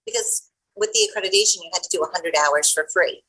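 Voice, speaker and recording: This is a middle-aged woman guest telling a personal story in an interview. Her voice is lowish and bright, with a husky edge. She tells it in an animated way and acts out the voices of the people in it. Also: quick pace, poor audio. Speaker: guest coach.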